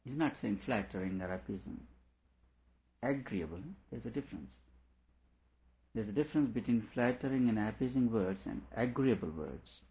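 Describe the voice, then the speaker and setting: A man teaching a lecture on a scripture, working through each point slowly and repeating himself to make it clear. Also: lowish voice, animated. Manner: deliberate, explains by repeating and rephrasing. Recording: dull lo-fi recording.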